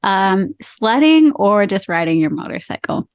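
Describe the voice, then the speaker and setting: A woman's voice: medium pitch, very animated, measured pace, clear, resonant tone, no room sound. A woman in her thirties from Canada hosting a casual podcast interview, chatty and encouraging, laughing easily. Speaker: podcast host.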